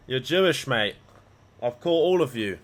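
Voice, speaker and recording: A man's voice: mid-range voice, fairly bright tone. A man chatting casually on a livestream, rambling and swearing freely as he talks to his viewers. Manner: rambling, profane banter. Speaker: live trading streamer.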